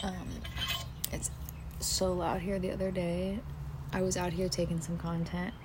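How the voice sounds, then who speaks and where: A woman's voice: fairly low pitch, level tone, a little slow. A young woman hosting a casual podcast, rambling and swearing freely with lots of fillers, recorded outdoors in a backyard. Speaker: podcast host. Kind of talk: casual chat. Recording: faint outdoor background noise. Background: outdoor ambience.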